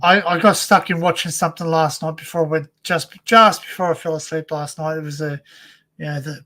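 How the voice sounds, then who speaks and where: A man's voice: fairly high pitch, fairly even intonation, fairly quick, pushed and bright. A man co-hosting a casual live-stream chat, rambling through stories with stumbling restarts. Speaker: co-host.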